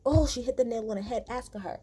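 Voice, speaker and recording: A woman's voice: fairly high pitch, fast talker, husky. A woman hosting a casual reaction video, recapping a reunion show bluntly and acting out what people said. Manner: animated, blunt, swears freely, acts out quotes.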